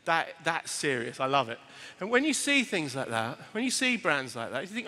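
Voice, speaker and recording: A man gives an animated seminar talk, his fairly high voice leaping up and down as he acts out quotes. His tone is bright and ringing, carried by the long reverb of a large hall. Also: a little fast. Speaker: retail speaker. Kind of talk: lively seminar talk to an audience.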